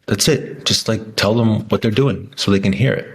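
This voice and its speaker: Deep gravelly dude just rambling to his camera, kinda husky, lots of restarts. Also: moderate pace, hardly any pauses. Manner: rambling, many restarts and fillers, laughs often. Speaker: vlogger. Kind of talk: casual rambling talk to camera.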